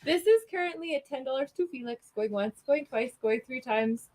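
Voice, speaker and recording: A woman hosting a live-streamed art auction, chatty and quick to laugh, calling bids and prices. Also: high-pitched, expressive, a little mellow, rough recording.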